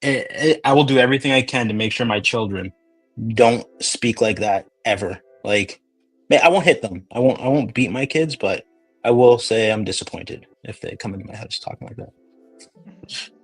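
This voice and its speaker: A man's voice: mid-range voice, normal speed, husky, soft background music. A man hosting a casual chat, rambling and joking through tangents.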